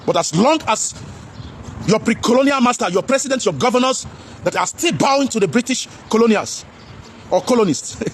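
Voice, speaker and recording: A man with a Nigerian accent giving a loud, preachy vlog commentary. He addresses viewers as his brothers, repeats himself and mixes English with Pidgin. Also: very high voice, expressive, a little fast, slight background noise.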